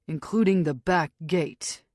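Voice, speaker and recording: A woman's voice: on the low side, measured pace, a little mellow, no echo, clean studio sound, close to an everyday voice. A woman reading a cold, clipped man.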